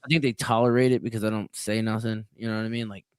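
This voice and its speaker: A man who works as a prison sergeant, chatting casually on a podcast and telling profane stories with big swings between loud and quiet. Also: fairly low pitch, level tone, fast talker, noisy background. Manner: profane storytelling with swings in loudness.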